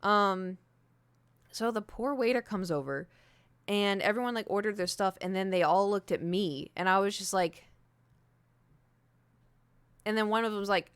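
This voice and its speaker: A young woman streamer telling a rambling story to her chat, animated, with lots of "like" and acted-out quotes. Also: mid-range voice, moderate pace, long pauses, clear, resonant tone, no echo. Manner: animated, rambling, heavy use of "like", acts out quoted speech.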